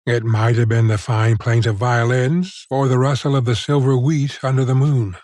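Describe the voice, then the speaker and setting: A man narrates a classic short story as an audiobook. His voice sits at a middle pitch, and his delivery is measured and expressive. The recording is dry and close. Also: dry recording.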